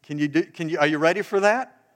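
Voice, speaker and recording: Fast and fairly high-pitched, a man preaches a light, humorous sermon as pastor, talking right to his congregation. He invites the audience to take part throughout.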